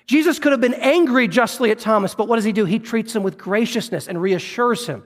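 A man preaching a sermon as pastor, earnest, dropping low and soft to stress a point. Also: brisk, in a large hall.

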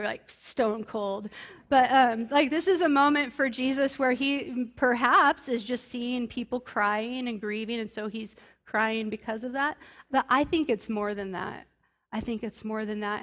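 Casual woman preaching on scripture. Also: on the high side. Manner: conversational, many fillers, reads verses aloud. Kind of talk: casual sermon on a Bible passage.

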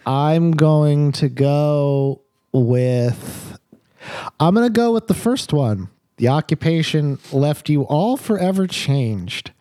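A man running a tabletop world-building game, talking haltingly with fillers and restarts. His voice is high-set but dark and mellow in tone, recorded dry and close. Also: expressive, no room sound. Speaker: game master.

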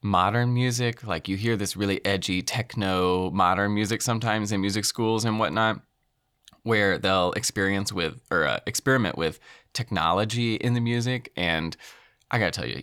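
A man with a lowish voice talks loosely in casual conversation, pausing on "um" and "like" as he works through ideas. The sound is dry and close, with no room echo. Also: sharp tone. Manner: rambling, many fillers. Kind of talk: casual chat.

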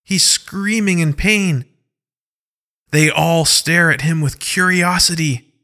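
Slow, bright-voiced male story narrator. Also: fairly high pitch.

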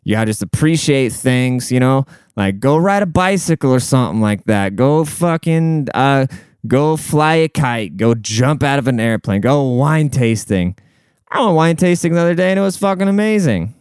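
A man's voice: mid-range voice, lively intonation, moderate pace, darkish tone, smooth, no echo. A man in his late twenties rambling in a casual, profane, slangy monologue.

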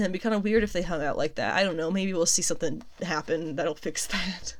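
This young adult woman's voice runs on the low side and is expressive. She hosts laid-back pop culture news commentary, laughing easily and frequently pausing to fix what she just said.

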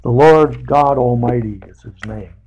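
A man leading a casual Bible study, talking haltingly with many fillers and restarts, and putting emphasis on paraphrased scripture. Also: medium pitch, darkish tone, highs cut off.

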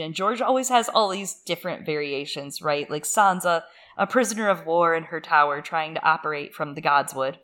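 A woman co-hosting a casual book podcast, animated and full of quick asides. Her voice sits low but sounds bright and forward. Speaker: podcast co-host. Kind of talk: casual chat recapping a book.

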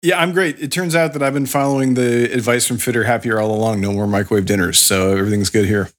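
A man's voice: medium pitch, steady tone, quick pace. Enthusiastic male co-host. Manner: enthusiastic, exclamatory. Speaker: podcast co-host. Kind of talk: casual podcast chat.

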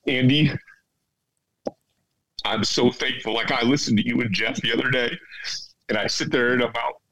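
A man speaking to his old teammates, tearful, halting and repeating himself as he pours out heartfelt thanks and apology. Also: mid-range voice, fairly even intonation, a bit bright, a little hiss or hum, low-quality recording. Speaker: former teammate, guest. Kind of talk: emotional heartfelt confession.

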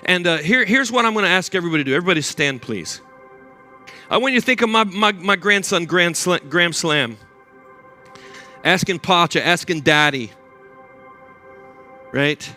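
An older man preaching a sermon as pastor, an animated storyteller who acts out the voices of people in his stories. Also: high voice, normal speed, long pauses, soft background music.

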